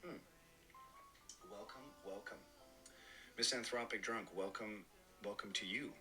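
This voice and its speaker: A man's voice: fairly low pitch, unhurried, sharp tone, soft background music, poor audio. A man streaming and chatting casually with his viewers, laughing often and talking animatedly.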